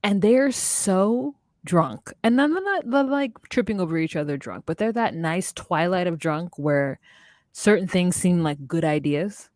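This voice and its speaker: A woman co-hosting a podcast in casual chat, recapping a reality show with sassy, animated storytelling. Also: lowish voice, unhurried, no echo, studio quality. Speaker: podcast co-host.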